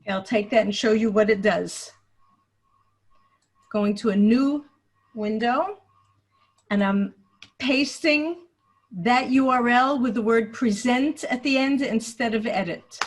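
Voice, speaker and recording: A woman's voice: fairly high pitch, unhurried, pauses often. Chatty woman walking through a tutorial. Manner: chatty step-by-step explaining, thinks aloud. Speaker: teacher trainer leading a webinar. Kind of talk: screen-share tutorial. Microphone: computer mic on a video call.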